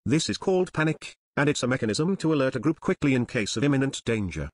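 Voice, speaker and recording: Husky man narrating dryly. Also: medium pitch, very animated, quick pace, no echo. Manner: dry explanatory tone, as if an outsider lecturing. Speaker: narrator of an educational series. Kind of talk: scripted deadpan comic narration.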